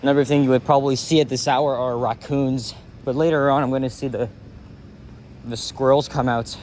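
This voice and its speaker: A man's voice: mid-range voice, flat delivery, fairly quick, darkish tone. A man casually narrating while he walks a city street at dawn, rambling with lots of fillers and the odd swear word, recorded on a handheld camera mic. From Canada. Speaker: walking vlogger. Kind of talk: casual walking commentary. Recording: faint street noise outdoors.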